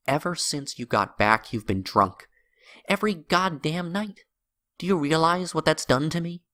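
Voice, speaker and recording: A man doing a furious, shrill-edged accusing friend. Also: expressive, unhurried, sharp tone. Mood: heated. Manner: rising, heated, accusing. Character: bitter agitated male friend, adult.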